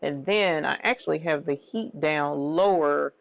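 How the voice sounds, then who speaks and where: A woman hosting a casual craft stream, bubbly and excitable, often squealing and laughing. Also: deep voice, unhurried, vocal fry, no room sound. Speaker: crafting channel host. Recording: dull, slightly lo-fi sound.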